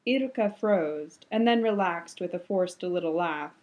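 A woman narrating fan fiction in an even, measured storytelling manner. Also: lowish voice, muffled recording. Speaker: reader.

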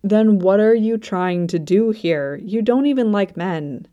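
A woman's voice: medium pitch, a little slow, warm tone, lo-fi sound, lightly acted. A woman voicing an anxious, self-doubting young man in a storybook reading, flustered and pleading. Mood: exasperated.

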